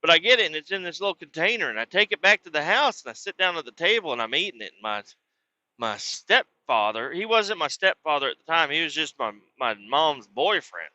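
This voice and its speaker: Guy rambling thru a cussing story, bright sharp voice, dry lo-fi mic. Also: fairly high pitch, brisk, no room sound. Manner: profane, rambling, animated when quoting. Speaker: podcast host. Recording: dull lo-fi recording.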